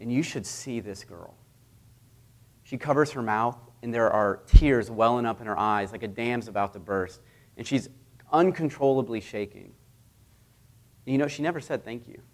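A man in his thirties delivering a sermon as a visiting preacher, telling stories in a conversational way with lively dramatic swings. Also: mid-range voice, normal speed, long pauses.

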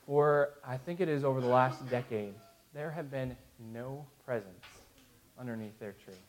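At normal speed and medium pitch, a man in his thirties delivers a sermon to his congregation, with slight noise in the background. As a pastor, he speaks earnestly, restarting frequently and laughing softly.

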